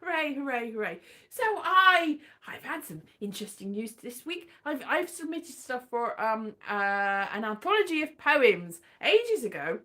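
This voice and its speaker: A woman's voice: a little high, very animated, measured pace, few pauses, bright, forceful tone. A woman hosting a casual livestream, chatting in a playful, rambling way with sing-song bursts. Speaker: livestream host.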